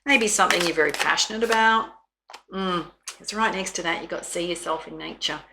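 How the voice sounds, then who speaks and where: A woman's voice: lowish voice, fairly quick, vocal fry, pushed and bright, a little hiss or hum. An Australian woman giving a chatty, soothing tarot reading, with frequent laughs. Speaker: tarot reader.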